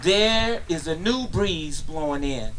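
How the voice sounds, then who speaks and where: A man performs spoken word poetry outdoors in a park. His voice sits high and bright, and he delivers the lines slowly and rhythmically with deliberate weight. Faint noise runs under the recording. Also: expressive, a faint crowd, rough recording. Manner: rhythmic, impassioned, building to shouts.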